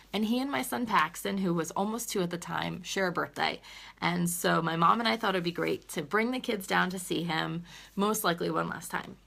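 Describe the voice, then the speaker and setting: Earnest mom with a gravelly, bright voice. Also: female voice, medium pitch. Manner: earnest, laughing through tears. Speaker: teacher and mom livestreaming. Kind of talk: emotional live video chat. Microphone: phone on a live stream.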